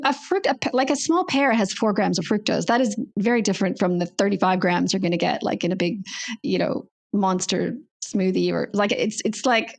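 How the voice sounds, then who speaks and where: A woman guest, a naturopathic doctor, explaining at length in a conversational interview, often restarting and thinking aloud. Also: medium pitch.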